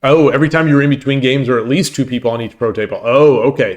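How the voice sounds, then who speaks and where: A man chats casually on his own stream in a loose, rambling way, often stopping to restart a thought. His pitch sits in the ordinary middle range for a man. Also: quick pace. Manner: rambling, full of restarts and laughter. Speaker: streamer and host. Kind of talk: casual chat with stream viewers.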